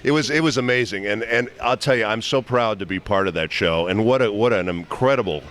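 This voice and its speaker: A man's voice: fairly low pitch, brisk, a bit bright. A middle-aged male voice actor telling anecdotes in a convention interview, chatty and enthusiastic with many restarts. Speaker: voice actor guest. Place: convention venue. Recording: faint background noise.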